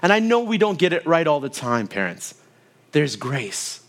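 Storytelling male pastor, slightly high voice. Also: sing-song, moderate pace. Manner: storytelling with asides to the congregation. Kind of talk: sermon.

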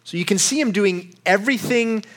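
Brief: young pastor, high-pitched voice, casual sermon delivery, acts out quotes. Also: male voice, fairly quick, a bit bright. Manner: conversational, acts out quoted lines with rising voice.

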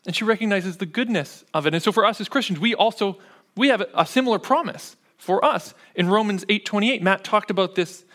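A pastor with a brisk, high-pitched, somewhat bright voice delivers a sermon. He speaks conversationally and frequently checks on his audience with a quick "right?"

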